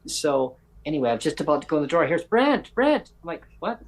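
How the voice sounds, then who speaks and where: A man's voice: a little high, fairly even intonation, racing, rough recording. A man hosting a casual chat, telling a long rambling story with lots of voiced quotes and self-corrections. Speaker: podcast host.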